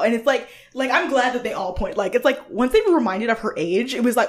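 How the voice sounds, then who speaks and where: A woman co-hosting a podcast, chatting casually about a TV show, swearing freely and acting out what people said with quick laughs. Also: a little high. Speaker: podcast co-host. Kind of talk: casual chat recapping a reality show.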